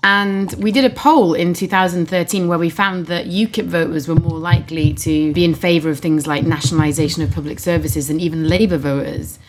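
A woman with a fairly low voice chats casually about politics. She tells her story in a lively, rambling way, with plenty of fillers and restarts. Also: fairly quick, hardly any pauses, noisy background. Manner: chatty, lively anecdotes full of likes and ums.

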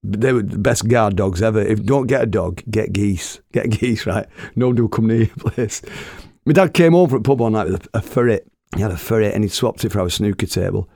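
An older man with a thick Oldham accent tells comic family stories in a low, rough voice with plenty of gravel. His delivery is wry and earthy, and he slips into the voices of his characters. The sound is close and dry. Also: a little fast, a little mellow, no echo. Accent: Oldham, Northern English. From Oldham, England. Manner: acts out quoted people in voices. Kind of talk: humorous storytelling.

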